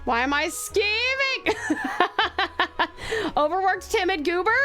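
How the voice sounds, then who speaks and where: High, excitable woman streamer. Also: takes it slowly, faint music behind. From Tasmania, Australia. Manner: excitable, swears and laughs often. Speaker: streamer, game narrator. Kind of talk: live game stream with chat.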